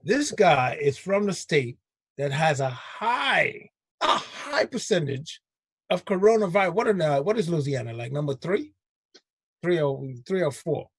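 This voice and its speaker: A male radio host with a gravelly, husky voice that swings widely in pitch as he riffs emphatically. He sits close to a dry mic and talks casually with his co-host. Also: measured pace, no room sound. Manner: animated, emphatic, laughing, puts on voices.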